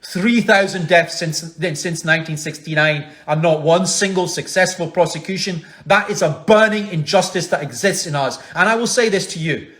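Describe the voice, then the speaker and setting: A man, a human rights lawyer, giving an angry, forceful protest speech over a video call, building his points through repetition. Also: fairly high pitch, moderate pace, hardly any pauses. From Scotland. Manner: forceful, rhetorical, repetitive emphasis. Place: home, online protest.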